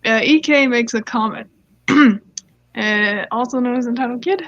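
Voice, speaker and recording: A woman's voice: a little high, unhurried, fairly bright tone, dry recording. A young woman casually reading online stories aloud, giggling and rambling off into side comments. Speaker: story reader. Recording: dull lo-fi dry mic.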